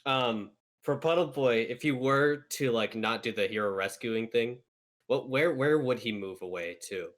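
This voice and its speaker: A man's voice: mid-range voice, normal speed. A man chatting casually as a guest player, joking and playfully whiny. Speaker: tabletop game player on a talk show. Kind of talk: casual chat.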